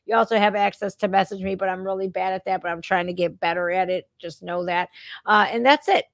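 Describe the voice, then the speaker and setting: A woman's voice: medium pitch, fairly even intonation, fairly quick, creaky, dry recording. A woman hosting her own show, ranting in a casual, fired-up way with plenty of swearing. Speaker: host. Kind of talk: casual reaction talk. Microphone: remote streaming setup.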